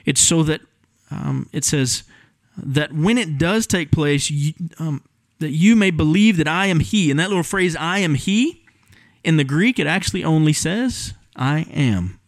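In a church sanctuary, a male pastor with a slightly high voice delivers an expository sermon at a measured pace, recorded with no room sound. His manner is earnestly instructive: he unpacks word meanings and leans heavily on fillers like "um."

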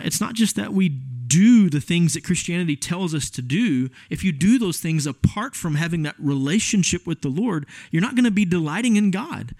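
A man delivers a sermon in a talky, emphatic way, turning to his listeners with quick asides. His voice sits a little high for a man. The recording is dry, with no room sound. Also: gravelly, a little mellow, no room sound. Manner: conversational, emphatic preaching with asides to the congregation. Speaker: pastor.

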